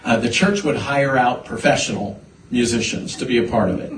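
A man preaching a sermon, telling a personal story with halting restarts before building to emphatic points. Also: medium pitch, slight background noise. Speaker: pastor. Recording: echoey hall, voice from a distance.

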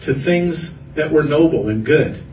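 A fairly high-voiced man preaches an earnest sermon, building his points through repeated phrases. He is picked up from some distance in a roomy, echoing hall, with a faint rumble underneath. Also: expressive, unhurried, a little mellow. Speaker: pastor. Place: church hall.

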